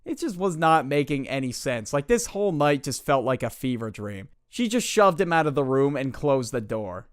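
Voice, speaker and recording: A man's voice: medium pitch, clean tone, no room sound, studio quality. A young man casually retelling a viewer's story in slangy, filler-heavy talk. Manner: slangy, fillers like "like" and "bro", loose and chatty.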